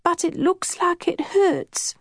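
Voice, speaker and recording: A woman voicing a young girl, a gentle and anxious twin sister, talking softly and slowly in a pleading way. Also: very high-pitched, big pitch swings, vocal fry, no room sound, clean studio sound, voice pushed up, heavily acted. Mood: tearful.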